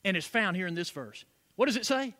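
A man's voice: high voice, lively intonation, brisk, sharp tone. A man preaching a sermon as pastor, with call-and-response asides to the congregation.

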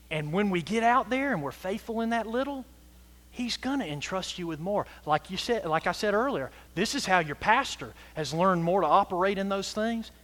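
A man preaching a sermon as pastor, emphatic and swinging from loud to hushed. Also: sits high. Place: church sanctuary. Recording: hall reverb.

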